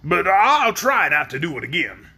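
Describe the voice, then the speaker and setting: A man doing a gentle, sheepish donkey-headed man. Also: on the high side, very animated, normal speed, breathy edge, full character voice.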